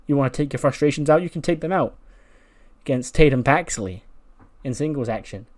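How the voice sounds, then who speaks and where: A man plays a composed woman in charge, near his own everyday voice. She talks calmly and politely but holds firm. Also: medium pitch, a little fast, lightly acted.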